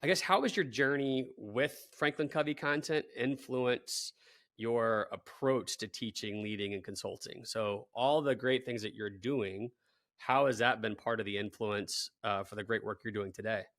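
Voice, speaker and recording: A man hosting an interview, asking curious, halting questions with many fillers. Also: medium pitch, a bit bright, no echo, clean studio sound. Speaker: host.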